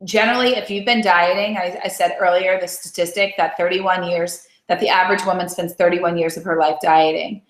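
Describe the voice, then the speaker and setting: A woman's voice: fairly low pitch, fairly even intonation, fairly quick, hardly any pauses. A woman weight-loss coach leading a motivational live call. She talks in a chatty, encouraging way and keeps checking in with "right?". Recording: roomy echo.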